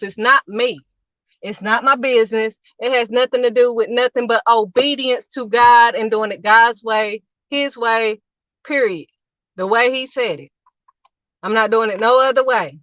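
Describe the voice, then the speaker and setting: A woman's voice: fairly high pitch, fairly bright tone, no echo, muffled recording. A woman preaching casually to camera as a channel host, emphatic and repetitive, driving each point home in short punchy phrases.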